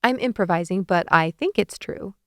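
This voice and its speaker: A woman narrating a first-person audiobook with a lively, expressive reading on a close studio mic. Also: fairly low pitch, moderate pace, dry recording.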